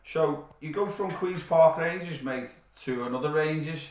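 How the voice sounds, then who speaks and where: A man's voice: fairly high pitch, normal speed. A man hosting a casual football podcast, asking friendly, eager questions. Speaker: podcast host. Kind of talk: casual interview. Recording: roomy echo.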